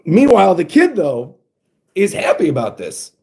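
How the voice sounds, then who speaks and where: A man hosting a casual reaction, thinking out loud as he reads panels aloud. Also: a little high, huge pitch swings, moderate pace, creaky. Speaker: manga reaction host.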